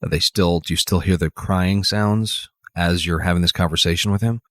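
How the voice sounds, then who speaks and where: A male podcast host asks follow-up questions and gives short, attentive prompts. His voice sits very low, recorded dry and close. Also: steady tone, moderate pace, a bit bright, no echo. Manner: brief, attentive interjections. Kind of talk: interview questions and listening cues.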